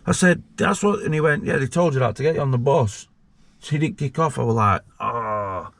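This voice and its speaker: A blunt, sweary man tells a story in a casual interview. He acts out every line of dialogue in it, at a mid pitch. The recording is dry and close. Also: fast, no echo. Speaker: interview guest, former prisoner.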